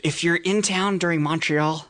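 A man, a stand-up comedian guest, talking casually in halting, rambling complaints. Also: a little high, steady tone, a bit bright. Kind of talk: casual chat.

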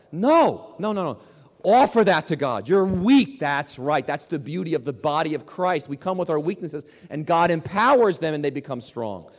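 A male pastor preaching a sermon in an emphatic, animated way, often repeating his words. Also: sits high, brisk, long reverb tail.

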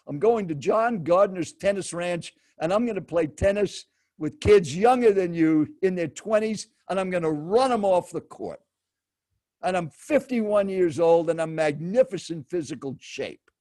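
A man's voice: high voice, a little mellow, pitched above the performer's own voice. A man voicing a blunt, health-obsessed man in his fifties who lectures a stranger in short, emphatic sentences. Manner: scolding, emphatic, clipped sentences.

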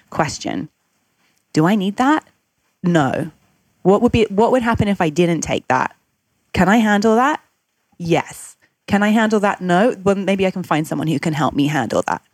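Woman, low voice, reflective podcast host, dry room. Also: no room sound. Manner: reflective, asks questions aloud. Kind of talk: conversational interview.

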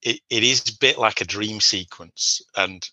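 Man, very bright tense tone, lively casual chat, dry sound. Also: lowish voice, a little slow, no room sound. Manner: chatty, laughs often, lively. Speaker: podcast co-host.

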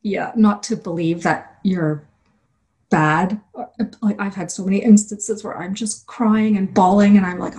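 A woman who illustrates children's books, answering interview questions in a candid, relaxed way. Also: medium pitch, a little slow.

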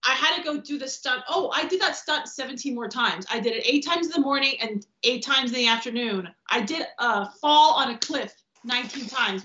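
A woman's voice: on the high side, bright, forceful tone. A woman, a stunt performer guest, telling stories on a casual podcast, acting out quotes and swearing freely. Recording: roomy, dull lo-fi podcast audio.

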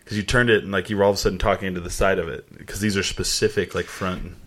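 A man with a fairly low voice hosting a relaxed podcast conversation. He jokes, rambles through stories and laughs often. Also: racing. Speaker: podcast host. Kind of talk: casual chat.

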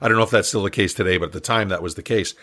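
An older man, a business coach, telling an animated story as a podcast guest and acting out the dialogue with chuckles. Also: sits low, racing.

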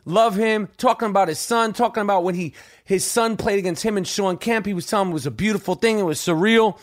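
High-voiced new dude on his podcast, swearing a lot, hyped up, rambling with slang. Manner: profane, excitable, rambling with lots of slang. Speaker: podcast host. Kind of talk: casual storytelling monologue.

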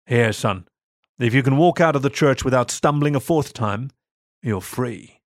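Brief: gentle, fatherly monk, read by a man, dry close sound. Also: medium pitch, unhurried, dry recording, close to an everyday voice. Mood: kindly.

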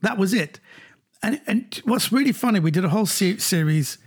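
A middle-aged man, a comedian, recounting anecdotes in an animated way during an interview. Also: normal speed, husky. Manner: animated anecdotes, jumps higher when quoting others. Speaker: comedian guest. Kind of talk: storytelling in an interview.

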